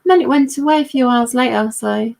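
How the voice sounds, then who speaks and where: A woman's voice: fairly high pitch, a little fast, creaky, darkish tone. A woman with an English accent hosting a casual group video chat, laughing and joking at her own expense. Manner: laughing, self-deprecating banter. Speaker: host of live stream chat.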